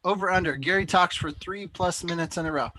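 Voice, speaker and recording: A man's voice: high-pitched, a little fast, crowd noise. A man hosting a live call-in show, chatting casually and telling rambling stories. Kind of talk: casual chat.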